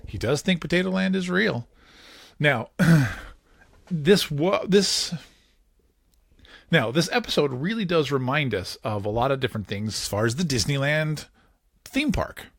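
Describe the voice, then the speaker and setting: A man hosting a podcast, retelling a cartoon scene by scene in a casual, animated way with frequent chuckles. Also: on the high side, measured pace, gravelly, long pauses, no room sound, clean studio sound. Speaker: podcast host.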